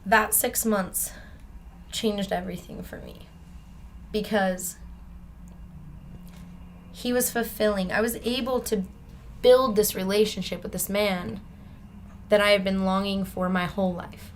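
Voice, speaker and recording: A woman's voice: mid-range voice, unhurried, pauses often, slight background noise. A woman vividly telling her story. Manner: animated, breaks into laughter, acts out the people in her story. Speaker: podcast guest. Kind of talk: personal storytelling in a podcast interview.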